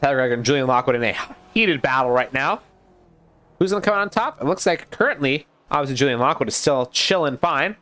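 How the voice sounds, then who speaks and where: A young man casting a sim racing league live, chatty and excitable, talking to his co-caster and to the chat. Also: medium pitch, quick pace. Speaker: race caster.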